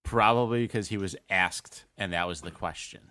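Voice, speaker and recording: Man, deadpan, sarcastic, low voice, casual sports chat, dry close mic. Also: moderate pace, no echo. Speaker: podcast co-host.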